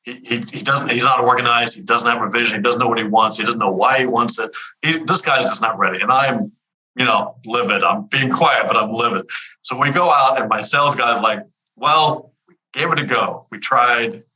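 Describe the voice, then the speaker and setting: Bright-voiced man in his fifties. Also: mid-range voice, a little fast, poor audio. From Houston area, US. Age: 50s. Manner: energetic, repeats words and restarts often. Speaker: podcast guest, author. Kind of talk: casual storytelling interview.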